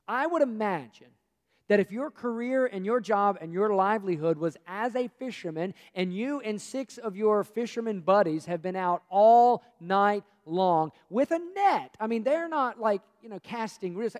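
A man preaching a sermon, telling a story with animated acted-out dialogue and self-deprecating humor. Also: sits high, moderate pace. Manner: animated storytelling, acts out the disciples' lines. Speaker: pastor. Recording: long hall reverb.

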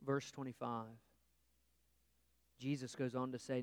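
A man preaching a sermon as pastor, earnest, rising to emphatic peaks and dropping to hushed asides. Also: fairly high pitch, normal speed, smooth, dry recording.

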